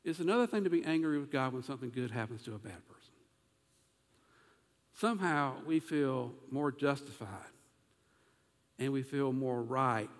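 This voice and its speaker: A man preaching an animated sermon as pastor, asking his congregation questions as he goes. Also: medium pitch, normal speed, pauses often, long reverb tail.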